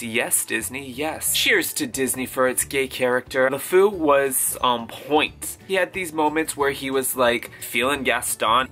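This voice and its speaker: Campy guy gushing about a movie on his vlog, bright edgy voice, swears a lot. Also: mid-range voice. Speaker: video blogger. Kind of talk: casual movie reaction vlog. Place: at home.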